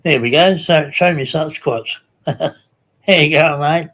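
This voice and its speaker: Australian male streamer, easygoing chat with viewers, unhurried, lots of ums and restarts. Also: fairly high pitch, a bit bright. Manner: slow, rambling, many ums and restarts. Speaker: live stream host. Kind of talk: casual live chat reading comments.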